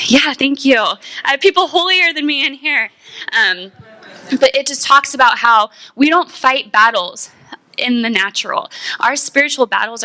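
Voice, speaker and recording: Bright-voiced young woman giving testimony. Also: a little high, no room sound. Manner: chatty, with many fillers and lively acted-out quotes. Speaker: speaker sharing a testimony. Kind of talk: personal testimony talk. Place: room with a small audience.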